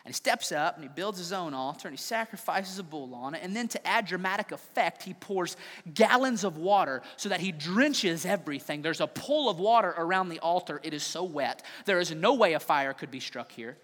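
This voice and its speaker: A man preaching a sermon, telling a story with animated, playful voices. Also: high-pitched, fairly quick. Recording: long hall reverb.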